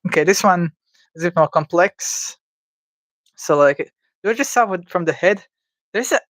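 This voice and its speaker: A man's voice: a little high, a little fast, fairly bright tone, no room sound. Rambling man thinking aloud while drawing. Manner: rambling, thinks aloud, stammers and restarts, playful asides. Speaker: livestreamer drawing game creatures. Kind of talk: casual livestream self-talk. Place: indoors at home.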